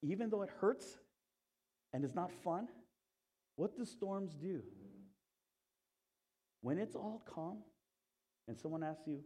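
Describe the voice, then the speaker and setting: Husky-voiced animated preacher. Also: male voice, sits high, a little slow, pauses often. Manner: animated storyteller, swings from loud to hushed; conversational, asks the congregation "Okay?". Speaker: pastor. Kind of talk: sermon.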